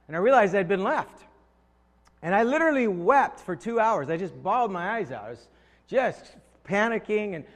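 A man preaching a sermon, telling a story and acting out quoted voices, often repeating words as he starts a thought. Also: high-pitched. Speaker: pastor. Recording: long hall reverb.

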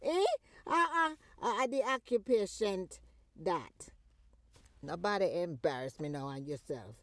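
A woman voicing a sharp-tongued older Jamaican mother who scolds and teases her grown daughter in a comedy skit. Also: fairly low pitch, lively intonation, measured pace, no echo. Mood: mocking scolding. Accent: Jamaican patois. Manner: teasing, scolding, big swoops and cackles.

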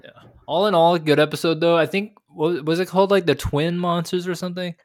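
A man's voice: a little high, quick pace. Rambling young man chatting casually. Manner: animated, rambling with many fillers. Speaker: podcast co-host. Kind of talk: casual anime episode discussion.

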